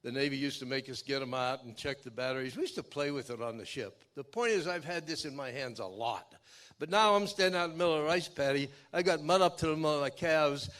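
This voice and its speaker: An older man giving a keynote speech, telling a dramatic personal story in a folksy way that swings from loud to hushed. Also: on the high side, fast. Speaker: keynote speaker. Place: outdoor memorial event.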